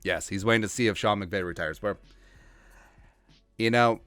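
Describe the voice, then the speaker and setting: A man hosting a sports podcast, riffing in a joking, rambling way and putting on quick mock voices for the people he talks about. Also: on the low side, a bit bright, no room sound, faint music behind. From Asian heritage, Minnesota fan. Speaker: podcast host. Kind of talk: comedic sports commentary.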